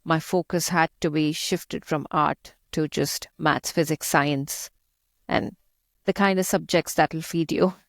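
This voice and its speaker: Young Indian-accented woman, low-pitched, dry sound, chatty interview guest. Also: fairly even intonation, a little slow, vocal fry, no room sound. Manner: chatty, laughs often, many "like" fillers. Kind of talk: casual interview chat.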